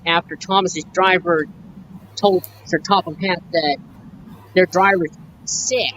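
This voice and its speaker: Slow, halting woman on a call. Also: lowish voice, fairly even intonation, a bit bright, a little hiss or hum, rough recording. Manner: halting, with fillers. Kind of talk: casual chat.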